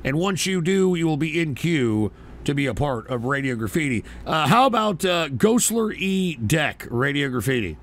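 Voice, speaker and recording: A man hosting a live call-in show, profane and irritable, often breaking into shouted rants. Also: a little high, sing-song, normal speed.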